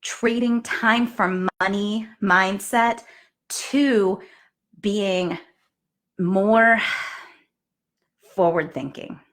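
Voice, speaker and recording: A woman hosting a live stream, bubbly and excitable, chatting with her viewers. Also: mid-range voice, drawn-out words, long pauses. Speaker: fitness business show host. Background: faint music.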